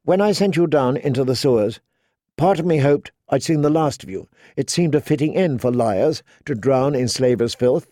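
A woman's voice: a bass voice, animated, normal speed, mellow, dry recording, clean studio sound. A man voicing a stern, proud young queen with a firm, commanding delivery.

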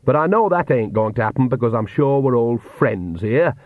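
A man's voice: medium pitch, lively intonation, dry recording, close to an everyday voice. A man voicing a cheerful, shrewd old countrywoman witch with a folksy rustic way of talking. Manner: rustic folksy dialect, brisk and bossy. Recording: tinny phone-like dry sound.

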